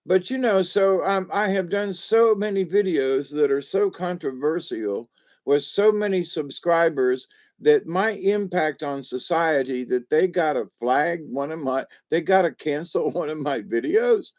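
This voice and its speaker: In a muffled recording, a man in his seventies with a slightly high voice hosts a relaxed livestream at a measured pace. He reads the chat aloud, chuckling often and rambling with frequent restarts.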